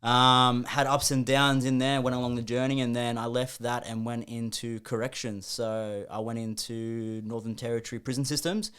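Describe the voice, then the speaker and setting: A man's voice: medium pitch, flat delivery, moderate pace, few pauses, a bit bright, smooth. An Australian man in his late twenties, a podcast guest telling his story in casual, swearing talk.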